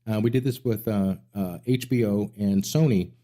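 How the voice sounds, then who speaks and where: A man's voice: on the low side, moderate pace, mellow. Enthusiastic middle-aged male radio host. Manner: enthusiastic, rambling storyteller. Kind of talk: casual interview chat.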